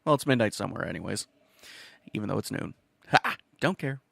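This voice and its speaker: A man's voice: fairly low pitch, expressive, brisk, gravelly, a bit bright, slightly rough, dry recording. A man from Wisconsin hosting a cooking show alone, talking in a casual, rambling monologue that is profane and jokey, with stammers and self-mocking asides.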